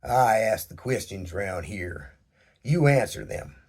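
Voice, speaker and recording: A man voicing a loud, stern male sheriff rock in a storybook reading. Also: fairly low pitch, lively intonation, slow pace, breathy edge, heavily acted. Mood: commanding. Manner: bellowing, authoritative.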